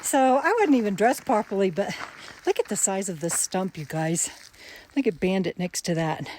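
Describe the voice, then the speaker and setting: Hiking a forest trail, an RV nomad vlogger tells a story in a casual outdoor vlog, a little out of breath and laughing often. Her medium-pitched voice moves at a normal speed, chatty and animated as she retells it. A faint hiss or hum sits under the recording.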